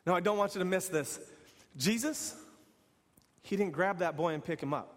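A man's voice: high-pitched, moderate pace, long reverb tail. A man preaching an earnest sermon in repeated, building phrases. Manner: earnest, repetitive, building to exhortation.

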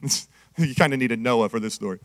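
A man preaching an animated sermon as pastor, rising to shouts and sung phrases. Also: medium pitch, quick pace, dry recording.

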